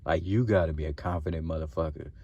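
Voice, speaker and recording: A man's voice: rumbling low, quick pace, a little mellow, husky, highs cut off. A man hosting a podcast, talking to the guys in a loose, slangy, profane monologue and chuckling as he goes. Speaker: podcast host. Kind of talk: casual confident monologue to the guys.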